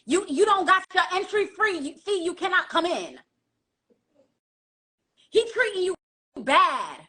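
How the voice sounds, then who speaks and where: A woman's voice: extremely high pitch, big pitch swings, measured pace, sharp tone. A woman giving blunt dating advice in a casual monologue, lecturing and asking rhetorical questions.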